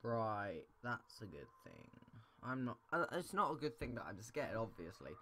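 Jittery gamer host, lowish voice with a faint hiss behind it, frightened horror playthrough chatter. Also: male voice, sing-song, moderate pace, a bit bright. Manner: jumpy, keeps repeating he is scared, voice jumps high when startled. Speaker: gaming channel host. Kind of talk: horror game commentary. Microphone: desk microphone.

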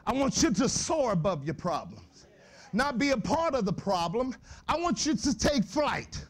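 High-pitched animated preacher man. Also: moderate pace. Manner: animated, shouting bursts, laughing asides, slangy. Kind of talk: lively sermon to youth. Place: church.

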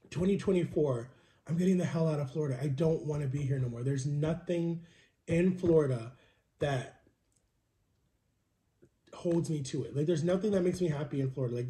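A man's voice: a little high, warm tone. Rambling frustrated man in an echoey room. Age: young adult. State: sick with a cold. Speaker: vlogger. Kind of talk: casual mukbang vlog chat.

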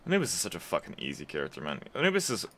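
A man streaming a video game, giving chatty, excitable commentary and swearing freely as he plays. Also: low voice, racing, slight background noise. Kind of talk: casual gameplay commentary.

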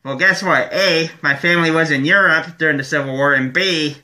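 A man's voice: a little high, a little fast, sharp tone. A man from Michigan hosting his own show, ranting angrily with heavy profanity. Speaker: show host. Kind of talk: ranting vlog monologue.

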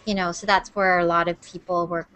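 A woman hosting a casual group video chat, talkative and animated, steering the talk with questions. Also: on the low side, fairly quick. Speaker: host.

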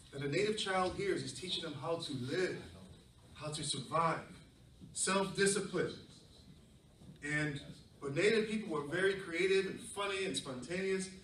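A middle-aged man from southern New England, a storyteller telling a lively, playful story to children. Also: on the high side, slight background noise. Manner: animated, playful, many fillers. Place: library event room. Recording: echoey room from far off.

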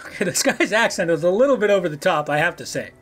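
A man's voice: high-pitched, animated, fast talker, a bit bright. A young man casually commenting as he plays a video game, now and then reading the dialogue aloud in put-on voices. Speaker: let's play host. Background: game music.

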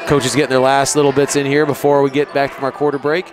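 A man gives relaxed, chatty play-by-play commentary for a local basketball game, with asides. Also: mid-range voice, fast talker, music in the background. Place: school gym. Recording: noisy gym ambience. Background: crowd and bouncing balls.

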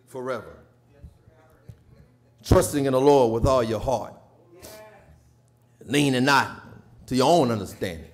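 A man with a Southern US accent preaching a sermon, moving from quiet storytelling to shouted, sung preaching. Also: medium pitch, measured pace, long pauses. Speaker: pastor. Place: church sanctuary. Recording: live church stream with organ and congregation.

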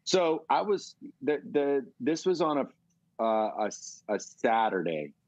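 A middle-aged man from California, telling a long, animated story as a guest in a casual interview. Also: medium pitch, takes it slowly, no echo, lo-fi sound. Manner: rambling, animated storytelling with swearing. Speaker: guest musician.

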